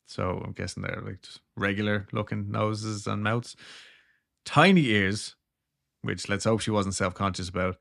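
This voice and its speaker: A man's voice: fairly low pitch, moderate pace, vocal fry, a bit bright. A man co-hosting a podcast, casually retelling a story with jokes and laughter. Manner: joking, laid-back, trails into laughs. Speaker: podcast co-host.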